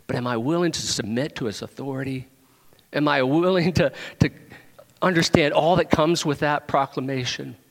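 A man preaching a sermon in a church, emphatic, rising to loud proclamations and dropping to hushed asides. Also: mid-range voice. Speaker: pastor. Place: church sanctuary. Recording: long hall reverb.

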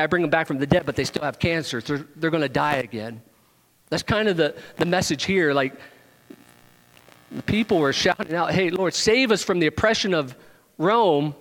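A male pastor preaching with animated energy, his voice climbing into emphatic questions and teasing the congregation by name. His voice sits somewhat high for a man, and a long hall reverb trails each phrase. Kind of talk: sermon.

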